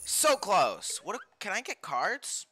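A young man streaming a game live, reacting with loud outbursts and reading game text aloud. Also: mid-range voice, very animated, normal speed. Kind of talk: live gameplay commentary. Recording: game music behind voice.

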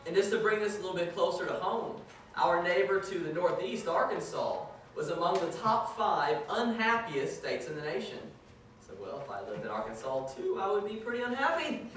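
Pastor preaching in an echoey church. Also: male voice, sits high, sing-song, moderate pace, a bit bright. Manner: joking, self-deprecating storyteller. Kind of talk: sermon. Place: church sanctuary. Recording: echoey church from far off, with noise.

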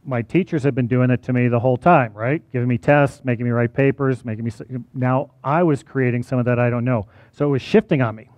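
A man's voice: mid-range voice, steady tone, fast, hardly any pauses, darkish tone, dry recording. College teacher guy talking to a crowd, chatty, keeps saying right?, kinda dull dry sound. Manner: conversational, often asks "right?". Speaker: college teacher giving a talk. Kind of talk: personal talk to an audience.

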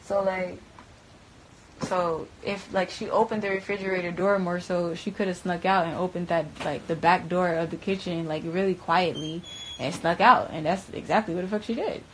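A woman's voice: lowish voice, fairly even intonation, normal speed, slight background noise, rough recording. A young adult woman from Broward County, Florida, telling a story as an interview guest. She talks in profane, slangy bursts and keeps saying "bruh.". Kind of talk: candid storytelling.

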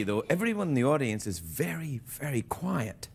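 A man with a Scottish accent delivering a comedy monologue as a late-night talk show host, jokey and animated, often laughing, before a loud studio audience. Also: medium pitch, quick pace, few pauses, noisy background. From Scotland. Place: television studio stage. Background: audience laughing and cheering.

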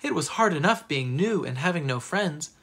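A teacher reading a children's picture book aloud with expressive narration. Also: medium pitch, moderate pace, slight background noise. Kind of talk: storybook read-aloud.

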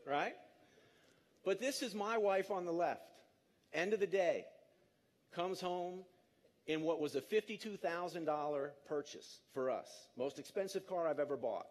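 Energetic man in his fifties giving a talk. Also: sits high, unhurried. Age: 50s. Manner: energetic, emphatic, engages the audience. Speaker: conference speaker. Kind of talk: live public talk.

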